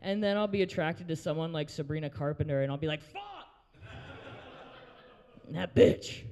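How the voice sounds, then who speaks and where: A man's voice: on the high side, unhurried, darkish tone, in a large hall. A young man hosting an open mic, doing a crude stand-up set and working the crowd in a brewery. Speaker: open mic host and comedian. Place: brewery taproom, live audience.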